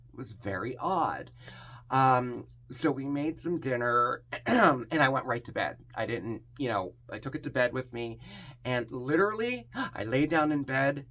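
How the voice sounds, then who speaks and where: A man hosting a personal vlog, talking candidly and haltingly with a hoarse, scratchy voice. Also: mid-range voice, lively intonation, fairly bright tone. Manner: candid and halting, with frequent restarts. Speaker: vlog host. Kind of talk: casual personal vlog talk.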